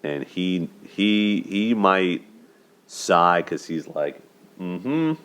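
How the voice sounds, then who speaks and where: In a casual spoken movie breakdown, a deep-voiced man speaks extremely slowly over a clean-sounding recording, chatting about a film's love story. As a relaxed host of a dating and movie commentary show, he often throws in "right?" and laughs.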